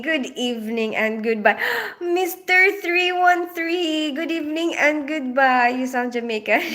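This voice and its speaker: A bright, pushed voice that sits high belongs to this livestream host from the Philippines. With her Filipino accent, she chats casually, laughs, and greets viewers by name while reading the chat.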